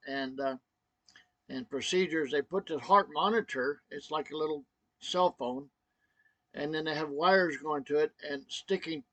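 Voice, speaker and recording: A man vlogging a personal story, halting and emotional, choked up, with many fillers and restarts. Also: a little high, a bit bright, no echo.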